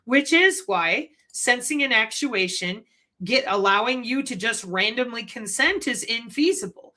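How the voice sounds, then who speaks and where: A woman hosting her own channel, lecturing in an animated way and asking rhetorical questions. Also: fairly high pitch, measured pace. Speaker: channel host. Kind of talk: commentary.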